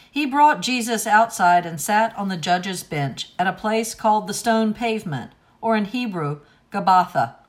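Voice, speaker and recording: A woman reads scripture aloud in a solemn, deliberate liturgical manner. Her voice is pitched in the middle for a woman, and she takes each phrase carefully. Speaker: scripture reader. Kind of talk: liturgical reading.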